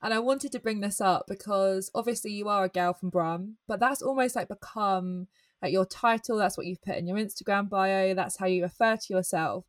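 A woman's voice: medium pitch, normal speed, dry recording. A woman hosting an interview who speaks in an enthusiastic, encouraging way as she poses her questions. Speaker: podcast host. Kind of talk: casual interview chat.

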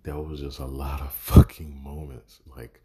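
A man's voice: rumbling low, little pitch movement, a little slow, mellow, breathy edge. A man giving a casual, profane movie review, exasperated and sarcastic, swearing constantly.

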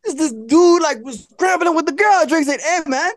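A man hosting a podcast, telling a story in animated, profane casual chat. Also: very high voice, normal speed. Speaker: podcast host.

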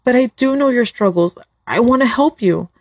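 A woman's voice: on the high side, animated, normal speed, dry recording, studio quality, voice pushed up. A woman voicing a young man who begs his love not to leave, in a story read aloud. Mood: pleading. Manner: pleading, voice breaking.

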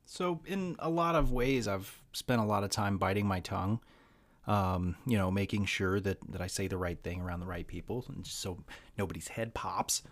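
Speaking at a normal speed in a low-pitched voice, a man with a slight Southern accent hosts a laid-back podcast monologue. He is sardonic, wry and candid, filling it with ums and trailing asides.

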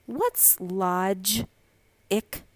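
A woman voicing an excitable, scheming little girl who talks eagerly and a bit whiny in a storybook reading. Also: mid-range voice, takes it slowly, no room sound. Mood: excited.

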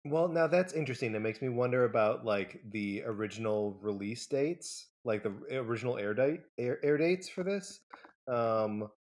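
A man's voice: mid-range voice, moderate pace, a little mellow. A man co-hosting a casual rewatch podcast, easygoing and a little hesitant, laughing often. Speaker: podcast co-host.

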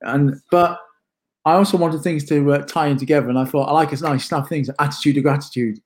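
A man's voice: on the high side, steady tone, brisk, darkish tone. A man with a British accent co-hosting a casual morning wellness chat from his kitchen, chatty and joking. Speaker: co-host of a morning wellness show. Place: home kitchen.

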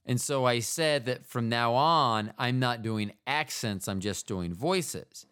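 Slow, smooth-voiced rambling male podcaster. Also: medium pitch, a bit bright. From United States. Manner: meandering, self-mocking, trails off into asides. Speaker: podcast host. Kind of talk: rambling casual monologue.

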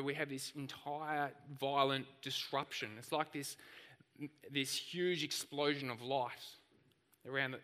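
A man preaching a sermon, telling stories in an animated, lively way. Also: mid-range voice, clean tone, in a large hall. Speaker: pastor.

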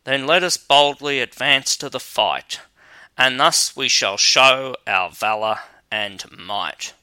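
A man reading aloud as a timid leader of a band of fools who speaks in grave, rhyming declarations. The voice rings very bright and dry, with a slow, deliberate pace. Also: medium pitch, smooth, no echo. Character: timid grave leader of seven Swabians, middle-aged man.

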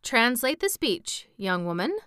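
A woman's voice: fairly high pitch, sing-song, a little slow, bright, forceful tone, clean tone, no room sound, clean studio sound, voice pushed up, heavily acted. A woman voicing a pompous, severe male scarecrow king who speaks in a lofty, reproving way, in a storybook reading.

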